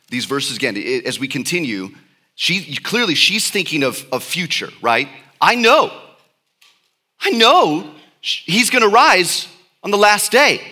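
A man preaching a sermon. He reads Bible verses aloud and then explains them, with sudden rises of emphasis. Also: mid-range voice. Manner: reads scripture aloud slowly, then explains in lively speech.

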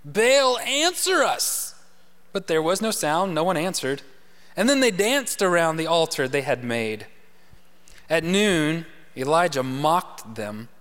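High-voiced preacher man in echoing hall. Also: measured pace. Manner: animated storytelling preacher, dramatic shifts to hushed voice. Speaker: pastor. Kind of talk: sermon. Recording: long hall reverb.

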